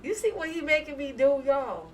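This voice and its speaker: A woman's voice: sits high, very animated, normal speed, far from the mic, a little hiss or hum, low-quality recording. A woman hosting a casual live stream, chatting and laughing as she reads viewer emotes aloud. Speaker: reaction streamer.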